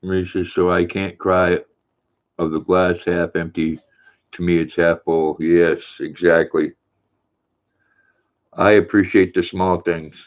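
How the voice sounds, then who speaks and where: A man's voice: low-pitched, little pitch movement, measured pace, long pauses. An older man hosting a livestream, reading viewer chat aloud in a folksy, chatty way. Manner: folksy, warm with his dog, chatty. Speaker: livestream host. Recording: tinny phone-like sound.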